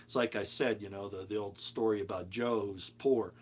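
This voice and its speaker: An older man talking casually to his viewers, rambling and telling stories, jumping between loud emphatic points and quiet asides. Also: fairly low pitch, steady tone, normal speed, husky. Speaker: video commentator.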